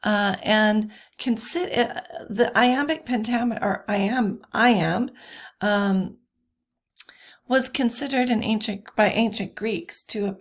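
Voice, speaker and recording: Slow-speaking woman teacher, casual lecture. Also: medium pitch, vocal fry. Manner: casual, chatty with frequent fillers and self-corrections. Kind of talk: recorded lecture.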